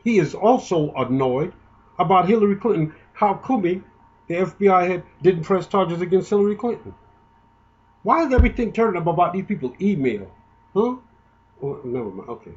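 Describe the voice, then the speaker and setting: A man's voice: high-pitched, big pitch swings, normal speed, darkish tone, dull audio. A man giving an indignant, emotional, rambling political monologue, often restarting his sentences. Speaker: political commentator.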